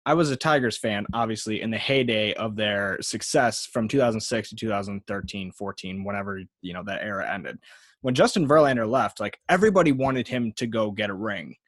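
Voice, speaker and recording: A man's voice: on the low side, fairly quick, fairly bright tone, no room sound, studio quality. A man hosting a sports podcast, talking loosely with lots of fillers and restarts. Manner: loose and hesitant, many fillers. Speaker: podcast host. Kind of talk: casual sports podcast chat.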